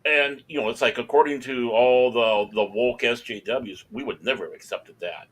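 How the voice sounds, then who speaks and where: A man's voice: medium pitch, moderate pace, fairly bright tone, a little hiss or hum, low-quality recording. A man hosting a casual chat, making emphatic, opinionated points. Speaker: host.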